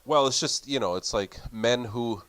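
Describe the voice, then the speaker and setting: A man's voice: medium pitch, moderate pace, fairly bright tone, clear, resonant tone, no echo. A man co-hosting a casual podcast, making dry, sarcastic asides and musing aloud. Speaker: podcast co-host.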